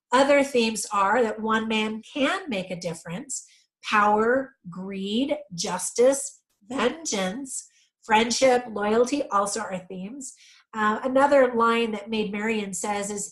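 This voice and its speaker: A woman's voice: medium pitch, measured pace, rough recording. A middle-aged woman giving a casual movie review, chatty and full of ums, correcting herself as she goes.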